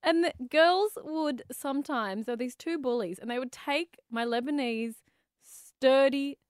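A woman's voice: high voice, a little slow, smooth, dry recording, studio quality. A woman telling stories on a radio show, wry and teasing. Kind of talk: casual on-air chat.

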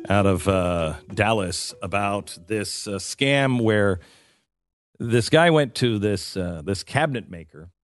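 A man's voice: on the low side, animated, slow pace, no echo, soft background music. A man hosting a talk radio show, trading sarcastic quips with co-hosts and reading ads live. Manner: sarcastic, playful, jumps in with overlapping quips.

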